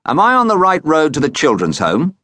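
A man's voice: a little high, wildly swooping pitch, brisk, pushed and bright, no echo, pitched above the performer's own voice, exaggerated voice. Cheerful rich stranger, breezy and friendly, male reader voicing him. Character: cheerful rich grown man in sports car.

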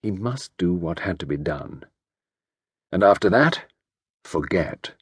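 A man narrating a classic mystery audiobook in a measured, expressive reading, recorded close to the microphone. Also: sits low, breathy edge, no room sound. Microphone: close studio mic.

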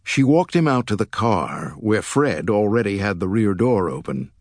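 A man narrating a thriller audiobook in a measured, expressive storytelling way, recorded on a close studio mic. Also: on the low side, no echo. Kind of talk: scripted narration.

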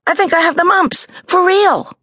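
A woman's voice: a little high, animated, takes it slowly, a bit bright, no room sound, clean studio sound, voice pushed up, full character voice. A woman voicing a dramatic young girl who fakes being sick, with whiny, pleading delivery in an audiobook. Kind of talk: audiobook character voice.

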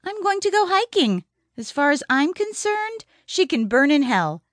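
A woman's voice: sits high, big pitch swings, moderate pace, no room sound, studio quality, pitched above the performer's own voice. A woman narrator voicing a blunt, resentful woman of about sixty in an audiobook. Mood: bitter. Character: bitter, sharp-tongued woman of about sixty. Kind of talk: audiobook character reading.

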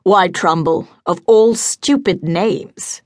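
A woman's voice: fairly low pitch, takes it slowly, dry recording, studio quality. A woman voicing a haughty, proud duke who speaks in an imperious, demanding way.

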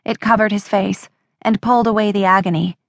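A woman narrating a horror audiobook in a steady, measured storytelling voice. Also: mid-range voice, gravelly, no room sound, clean studio sound.

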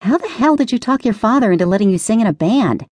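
A woman voicing a frank, wry woman on a dinner date who talks in a brisk, teasing way. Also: on the high side, lively intonation, darkish tone, no room sound, pitched above the performer's own voice. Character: confident, wry Italian-American woman on a date.

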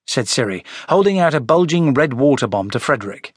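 A man narrating a children's storybook with expressive, animated delivery. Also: mid-range voice, fairly quick, few pauses, breathy edge, no room sound, clean studio sound. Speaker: audiobook narrator.

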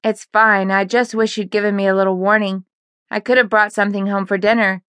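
A woman's voice: medium pitch, level tone, a little fast, a bit bright, clean tone, no room sound, close to an everyday voice. A woman voicing a tired single mother in her forties, dry and mildly exasperated, in an audiobook.

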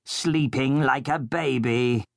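A man's voice: mid-range voice, slow, vocal fry, no echo, clean studio sound. A man playing a bossy villainous baron. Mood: gloating. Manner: bossy, barks orders and insults. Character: domineering villainous adult male baron.

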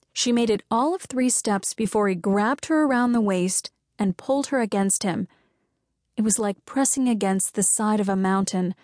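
A woman's voice: mid-range voice, a little mellow, dry recording, clean studio sound. Woman narrating a romance audiobook. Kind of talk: scripted narration.

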